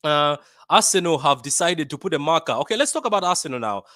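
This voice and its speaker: Animated bantering man, from Africa. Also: a little high, fast, no room sound, studio quality. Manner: animated, bantering, repeats himself. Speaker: football fan channel host. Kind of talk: casual match reaction.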